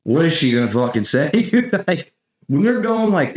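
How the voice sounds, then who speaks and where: A man's voice: medium pitch, very animated, normal speed. A young American man hosting a podcast, riffing in a rambling, profane, sarcastic comedic monologue and saying "dude" constantly. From United States. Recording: echoey room.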